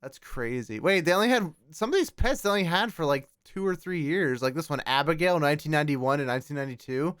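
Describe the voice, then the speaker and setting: A man co-hosting a podcast, chatting casually and reading posts aloud with excited exclamations. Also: fairly high pitch, quick pace, hardly any pauses, smooth, no echo, studio quality. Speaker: podcast co-host. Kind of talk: casual chat reacting to posts.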